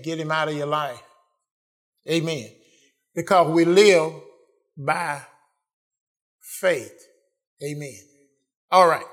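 Male preacher, high-pitched and fervent, heavy on the amens. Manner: fervent preaching with repeated amens and rising emphasis; swings between quiet asides and loud declarations. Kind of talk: sermon.

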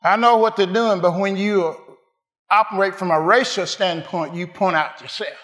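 A man preaching a call-and-response sermon, asking the congregation questions and rising to shouted answers. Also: high-pitched, normal speed.

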